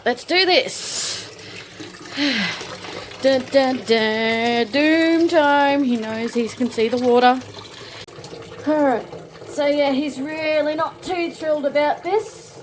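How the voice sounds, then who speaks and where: Brief: high-pitched woman, chatty how-to vlogger, faint outdoor hiss behind her. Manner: chatty, talks to her dog in a very high excited voice. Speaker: vlogger showing how to bathe a dog. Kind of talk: casual how-to narration.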